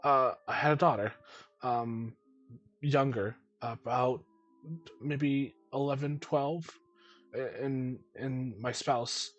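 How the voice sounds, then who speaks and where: A man's voice: mid-range voice, fairly even intonation, slow, dull audio, faint music behind. A man voicing an anxious middle-aged man who stammers and pleads while asking after his missing family.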